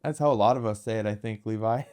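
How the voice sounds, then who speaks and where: A young man co-hosting a casual comedy podcast, joking with a deadpan tone and laughing often. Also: on the low side, quick pace, clean tone. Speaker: podcast co-host.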